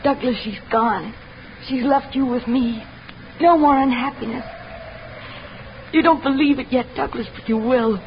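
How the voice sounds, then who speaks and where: A woman's voice: high voice, a little slow, pauses often, slight background noise. A scheming, unhinged young woman. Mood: obsessive. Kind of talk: 1940s radio acting. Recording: dull lo-fi old radio recording.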